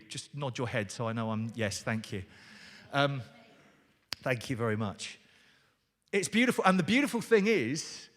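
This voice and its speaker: A man delivers a sermon in a lively, chatty way, speaking straight to the people in front of him. His voice sits a little high for a man. The long reverb of a church hall trails after his words. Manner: animated, conversational, addresses congregation directly. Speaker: pastor.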